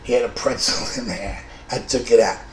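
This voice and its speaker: A man's voice: medium pitch, steady tone, moderate pace. Blunt, profane New York storyteller man. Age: 50s. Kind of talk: true-story monologue. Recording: roomy room with faint noise.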